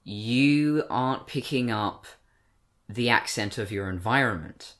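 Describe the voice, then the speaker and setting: A man's voice: mid-range voice, measured pace, fairly bright tone. A man in his twenties with an English accent, talking in casual discussion, rambling with many fillers and self-corrections. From born in Britain, raised in Australia. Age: 20s. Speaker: podcast co-host.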